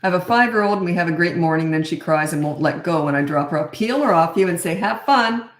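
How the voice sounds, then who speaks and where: Low-voiced and fast-talking, a middle-aged woman dispenses no-nonsense parenting advice on an informal live stream. Confident and direct, she acts out the conversations she quotes, with the echo of the room audible throughout.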